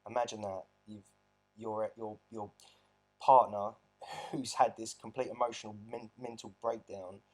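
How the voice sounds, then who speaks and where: A man's voice: fairly low pitch, level tone, moderate pace. A man talking earnestly about his own experience in a reflective storytelling monologue, often restarting his sentences. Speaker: abuse survivor vlogger.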